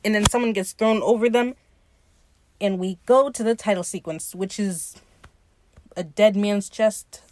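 A woman hosting a podcast, talking in a casual, slangy and profane way, opinionated and animated as she recaps. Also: mid-range voice, measured pace, long pauses, no room sound. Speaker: podcast host recapping a TV episode. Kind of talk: casual chat.

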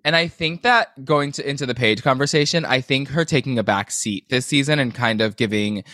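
Man, podcast co-host, casual gossip, animated, swears, dry sound. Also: mid-range voice, fairly quick, no room sound. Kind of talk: casual chat.

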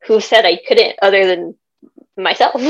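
A woman's voice: medium pitch, fairly even intonation, moderate pace. Young female author guest, earnest and reflective, slightly muffled sound. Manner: earnest, reflective, many fillers. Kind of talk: casual interview chat.

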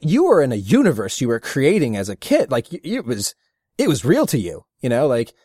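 A middle-aged man, a voice actor, chatting casually as an interview guest and telling rambling, animated stories with frequent laughs. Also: medium pitch, fairly quick, slightly rough, no room sound, clean studio sound. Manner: rambling, animated storyteller who laughs often. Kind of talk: casual anecdotal chat.

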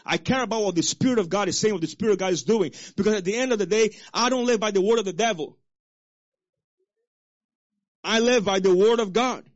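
High-pitched man preaching, calls out to the congregation, gets loud then drops low, dull lo-fi sermon recording. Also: a little fast, pauses often. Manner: preaching with call-and-response to the congregation; swings between loud exhortation and low, soft asides. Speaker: pastor.

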